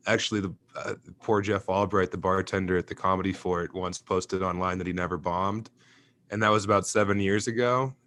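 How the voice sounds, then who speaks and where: A man's voice: deep voice, fairly even intonation, fairly quick, a bit bright, no echo. A young adult man, a stand-up comedian, talking casually in an interview, telling stories, laughing often and mimicking voices.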